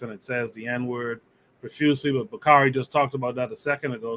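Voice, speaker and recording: Male host, relaxed conversational delivery, moderates discussion. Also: mid-range voice, a little hiss or hum. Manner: conversational, relaxed, reads from chat. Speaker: podcast host. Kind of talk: livestream podcast hosting.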